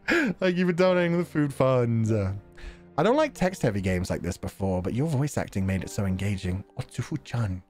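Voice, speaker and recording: A man's voice: mid-range voice, big pitch swings, moderate pace, darkish tone, soft background music. A man chatting casually on a livestream, reading chat messages, laughing often and poking fun at himself. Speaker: game streamer reading chat.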